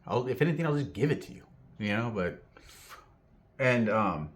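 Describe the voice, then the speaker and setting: A man's voice: medium pitch, normal speed. A man from Southern California telling a personal story in a rambling vlog, heavy on fillers and acting out the voices of the people in it. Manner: filler-heavy, animated, acts out quoted voices. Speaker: vlogger.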